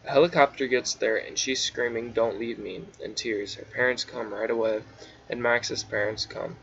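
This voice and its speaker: A man's voice: medium pitch, steady tone, moderate pace, a bit bright. Man casually reading his own story aloud. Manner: offhand, drowsy, stumbles and restarts. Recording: dull lo-fi recording with faint hiss.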